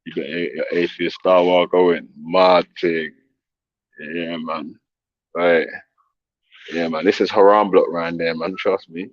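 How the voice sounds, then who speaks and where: A very low-voiced man chats loosely to his viewers, full of slang and quick laughs. The sound is close and dry but dull. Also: fairly even intonation, no room sound. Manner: slangy, laughing, addressing chat and callers. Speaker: livestream host. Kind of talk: casual livestream chat.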